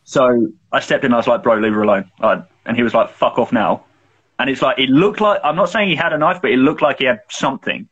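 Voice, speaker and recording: Speaking quickly with hardly any pauses, this young podcast co-host spins a long, rambling story, cursing freely amid fillers in loose conversation. The husky voice is medium in pitch with a fairly bright tone, and the audio is muffled and lo-fi.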